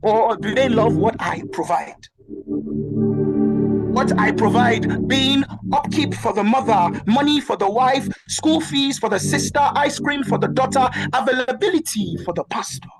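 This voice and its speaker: A young man performing a slow, heartfelt spoken word piece to a live audience. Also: extremely high pitch, lively intonation, poor audio. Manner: slow, dramatic, heartfelt delivery. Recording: music playing behind the voice.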